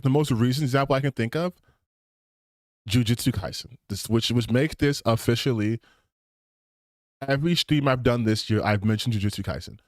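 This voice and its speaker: Animated, profane male streamer, dry sound. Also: medium pitch, no echo. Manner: animated and profane, with bursts of excitement. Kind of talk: casual stream rant.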